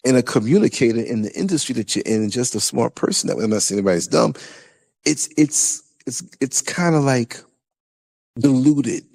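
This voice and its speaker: A man with a New York accent hosting a podcast, talking in a loose, animated way with lots of restarts. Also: mid-range voice. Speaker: podcast host. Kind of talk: casual conversation.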